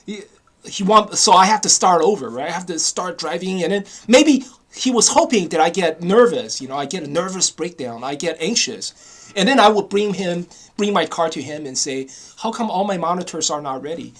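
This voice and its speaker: A man's voice: high-pitched, animated, moderate pace. A man ranting angrily in a casual monologue, swearing often and repeating himself with frequent "you know?" asides. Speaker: vlogger.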